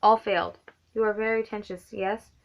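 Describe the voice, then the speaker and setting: A woman's voice: mid-range voice, steady tone, brisk, gravelly, dull audio, natural voice. A woman reading the lines of a tired, shrewd older male doctor in her own plain voice. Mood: calm.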